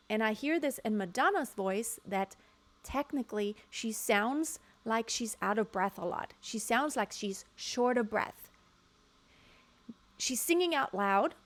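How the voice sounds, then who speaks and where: A woman vocal coach giving frank, emphatic casual commentary from home, now and then breaking into short sung demonstrations. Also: a little high. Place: home room near construction noise.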